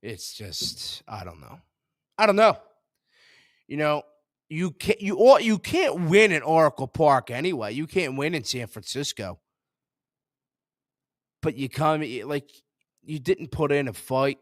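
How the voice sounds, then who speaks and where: A young man hosting a sports show, ranting in frustration, jumping between loud outbursts and low mutters. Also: very animated, unhurried, pauses often, dry recording, clean studio sound.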